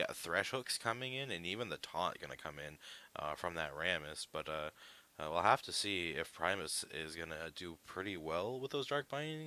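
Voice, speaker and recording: A man's voice: low-pitched, pushed and bright. A man giving live esports analysis, explaining picks at length with frequent "uh" fillers. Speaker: esports caster.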